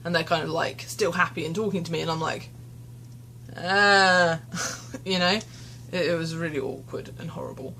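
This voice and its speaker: A woman's voice: deep voice, fairly even intonation, brisk, a bit bright, a little hiss or hum. Anxious, tearful woman rambling. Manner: rambling, self-deprecating, anxious. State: tearful and shaken. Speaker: vlogger. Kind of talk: candid confessional vlog. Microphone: phone camera.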